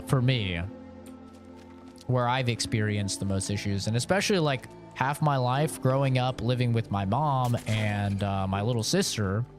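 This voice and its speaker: Frank, rambling young male streamer. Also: fairly low pitch. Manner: rambling, frank, swears freely, laughs often. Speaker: gaming streamer. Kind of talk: casual live-stream chat.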